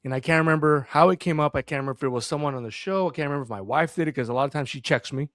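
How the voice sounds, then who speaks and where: A man's voice: on the high side, very fast, no echo. Earnest man telling stories, dry close sound. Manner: earnest, animated storytelling. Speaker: podcast guest. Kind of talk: casual podcast conversation.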